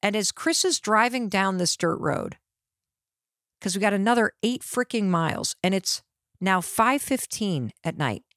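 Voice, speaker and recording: Middle-aged woman host telling a story, dramatic and lively, dry close sound. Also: mid-range voice, measured pace, no room sound. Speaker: podcast host. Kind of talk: personal storytelling.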